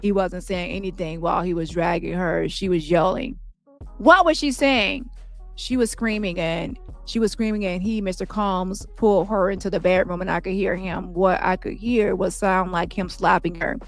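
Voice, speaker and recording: A woman's voice: fairly low pitch, faint music behind, lightly acted. A woman reading a shaken male trial witness. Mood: recounting. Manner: plain, halting recounting.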